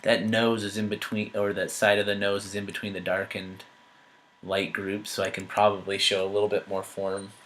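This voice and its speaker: A man giving an art critique, talking through changes thoughtfully with many pauses, fillers and restarts. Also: lowish voice, monotone, fairly bright tone, a little hiss or hum, poor audio. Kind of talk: painting critique while editing on screen.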